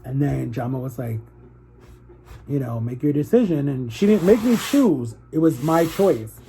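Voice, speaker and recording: A man's voice: medium pitch, expressive, a little slow, creaky, mellow, slight background noise. A young man vlogging to his viewers, telling a personal story in an emotional, rambling way that circles back on itself.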